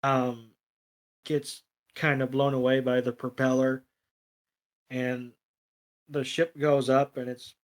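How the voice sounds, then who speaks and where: A man with a mid-range, everyday voice, co-hosting a casual podcast recap. He narrates the scenes plainly and ramblingly, with fillers and small self-corrections, and now and then clears his throat. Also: mid-range voice. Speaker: podcast co-host.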